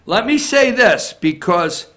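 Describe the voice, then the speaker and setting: A man's voice: high-pitched, big pitch swings, slow, bright, forceful tone. A man hosting a morning opinion show, giving emphatic political commentary and often checking in with his listeners by asking "okay?" or "all right?". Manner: repeats phrases for emphasis.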